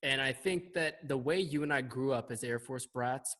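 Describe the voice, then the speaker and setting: A man's voice: mid-range voice, moderate pace, a bit bright. Young man host with echoing reverb. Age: 20s. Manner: enthusiastic, leading questions. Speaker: podcast host. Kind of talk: casual interview chat. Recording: long reverb.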